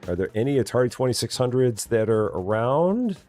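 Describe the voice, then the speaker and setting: A man streaming a game live, chatting casually and often muttering quietly to himself as he works. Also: medium pitch, sing-song, a little fast, soft background music. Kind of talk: casual live gameplay commentary.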